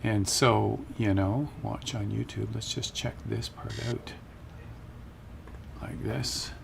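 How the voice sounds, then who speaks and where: A man's voice: fairly low pitch, steady tone, takes it slowly, vocal fry, background noise. A man hosting a casual flight-sim live stream, upbeat and greeting viewers by name.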